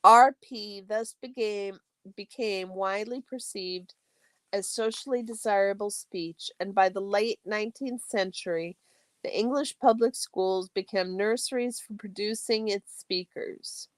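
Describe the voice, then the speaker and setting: A woman hosting a study stream, reading a textbook aloud in a steady, measured way, her phrase ends trailing off into a soft whisper. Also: medium pitch, no echo.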